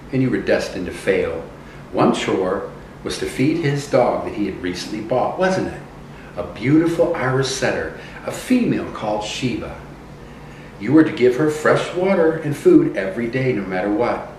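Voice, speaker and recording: A man voicing a kind female fairy godmother with silver wings, who asks questions in a gently insistent way. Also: mid-range voice, slight background noise, natural voice. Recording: echoey room from a distance.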